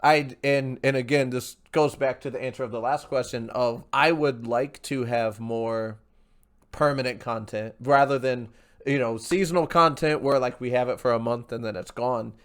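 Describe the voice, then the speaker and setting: A man's voice: mid-range voice, steady tone, moderate pace. Man hosting a casual podcast. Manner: reads viewer questions from live chat, agreeable. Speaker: podcast host.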